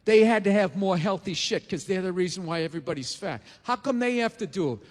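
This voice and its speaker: A man's voice: sits high, expressive, fast. A man in his forties doing a profane, exasperated stand-up rant on a big theater stage, with the audience laughing. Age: 40s. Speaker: stand-up comedian. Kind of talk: stand-up routine. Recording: live theater with long reverb.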